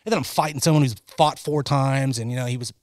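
A man's voice: medium pitch, fast, no echo. A man from Northern California telling rambling, profanity-laced stories as a guest on a casual podcast. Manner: profane, rambling storyteller, swears constantly. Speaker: guest, angler and former amateur fighter.

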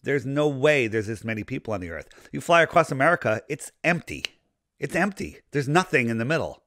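A man speaking as a podcast guest in casual conversation, talking in a rambling, animated way as he loses his voice. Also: medium pitch, fast talker, no room sound, clean studio sound. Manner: rambling, animated conspiracy talk. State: losing his voice.

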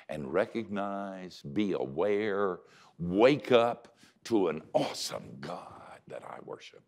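An older man, a pastor, telling a story in a sermon with dry self-mocking humor, swinging from loud emphasis to hushed quiet. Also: fairly low pitch, sing-song, slow pace, vocal fry.

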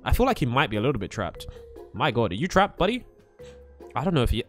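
A young man narrating a Minecraft let's play, excitable, yelping and screaming when startled. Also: mid-range voice, fast talker, pauses often, faint music behind. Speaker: gaming channel host.

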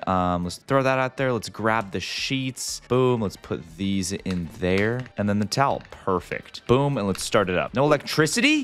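Lively excitable man narrating gameplay. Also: medium pitch. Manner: excitable, jumpy reactions, playful mock outrage. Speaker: gaming video host. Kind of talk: casual gameplay commentary.

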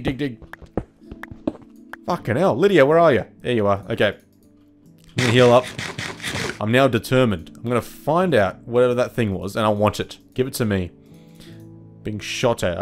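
A man talks through his game session as it happens. He swings from calm muttering to panicked yelps and frequent swearing, and his voice sits at a middling pitch. Game music plays clearly underneath him. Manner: excitable, panicky, swears often. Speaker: gaming video host. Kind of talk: let's play commentary. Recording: game music playing behind. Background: game music and water sounds.

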